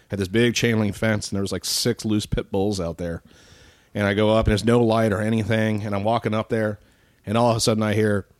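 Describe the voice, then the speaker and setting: Low, dry-miked male podcaster spinning a profane, rambling yarn. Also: no room sound. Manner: profane, rambling, mimics people in his stories. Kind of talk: casual storytelling.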